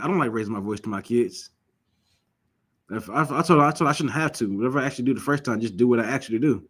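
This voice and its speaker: A man leads a religious class in a mid-range voice, speaking emphatically and repeating himself. He often puts questions to his listeners and tells lively stories.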